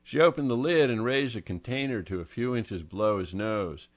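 A man narrating a mystery story in a measured storytelling manner. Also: lowish voice. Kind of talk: story reading.

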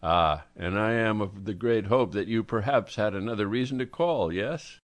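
A man's voice: on the low side, moderate pace, close to an everyday voice. A man reading an audiobook voices a middle-aged Frenchwoman with a French accent, an old friend who speaks in a formal, playful way. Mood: teasing.

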